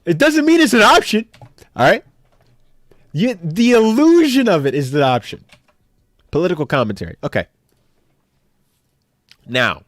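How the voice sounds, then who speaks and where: A young man streaming live, chatting casually with his viewers in an animated, joking way as he ranks characters on a tier list. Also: sits high, unhurried, long pauses, no room sound. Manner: animated, jokey, talks back to chat.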